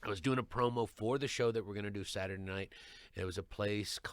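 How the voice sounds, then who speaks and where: A middle-aged man, a stand-up comedian, telling stories in an animated way and often repeating words as he restarts. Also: fairly low pitch, fast, no room sound. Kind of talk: storytelling chat.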